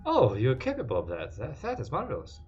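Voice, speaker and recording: A man voicing a polite, wary male NPC in a tabletop game, speaking formally and slowly. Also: mid-range voice, wildly swooping pitch, darkish tone, slightly rough, muffled recording, soft background music, heavily acted. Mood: courteous. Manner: formal, slow and measured.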